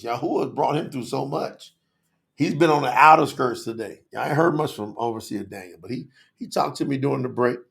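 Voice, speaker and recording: A man with a creaky, mid-range voice hosts a live online telethon. He talks to his viewers directly, passionate and casual, full of slang, in typical relaxed livestream style.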